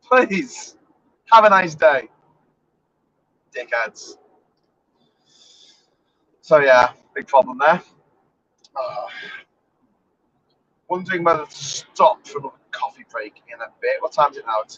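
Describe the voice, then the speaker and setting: A man's voice: fairly high pitch, sharp tone, lo-fi sound. A man, talking to his live stream from inside his car as he drives, rambling in a sarcastic, swearing, offhand way. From England. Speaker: vlogger. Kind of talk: casual live-stream driving monologue. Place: inside a car while driving.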